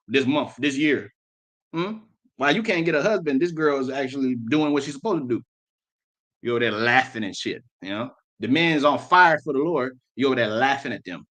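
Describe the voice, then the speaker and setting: A man's voice: medium pitch, fairly bright tone. A man preaching, who reads old-style scripture and then explains it in blunt street slang, often repeating words. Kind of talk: sermon with scripture reading.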